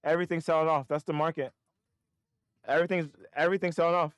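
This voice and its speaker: A man's voice: a little high, steady tone, fast talker, clear, resonant tone, no echo. A man streaming live market trades, muttering to himself and breaking into frustrated, swearing outbursts. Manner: self-critical, talking to himself.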